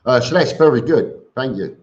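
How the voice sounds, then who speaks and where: A man's voice: mid-range voice, animated, normal speed. A man hosting a casual live stream, greeting viewers by name and answering their questions with chatty, joking asides. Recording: dull lo-fi stream audio.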